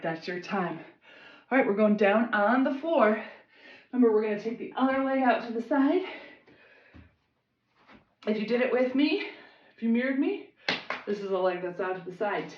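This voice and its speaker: A woman fitness instructor leading a workout class, encouraging and giving short commands. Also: mid-range voice. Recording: dull roomy sound, mic at a distance.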